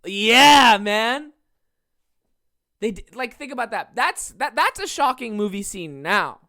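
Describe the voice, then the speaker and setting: Podcast host, solo comedic rant; rambling, profane, filler-heavy, slips into quick impressions. Mid-pitched, dry close sound. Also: very animated, pushed and bright, no room sound. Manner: acts out quoted people in shifting voices. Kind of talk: casual comedic monologue.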